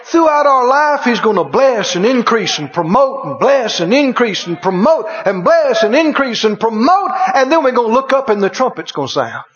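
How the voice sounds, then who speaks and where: A man delivers a sermon in a strikingly high, animated voice that swoops up and down. He takes his time, then erupts in shouted exclamations of joy. The recording sounds dull and lo-fi. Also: normal speed, few pauses, crowd noise. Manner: exuberant, bursts into shouted exclamations. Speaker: preacher.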